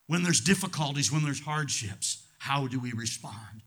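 A middle-aged man preaching a sermon as pastor, swinging from loud emphatic lines to hushed ones. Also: medium pitch, lively intonation, normal speed, hardly any pauses, slightly rough.

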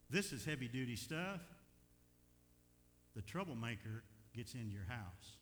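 A man preaching a sermon as pastor, in a folksy, animated way with chuckles between points. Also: mid-range voice, unhurried, long pauses, in a large hall.

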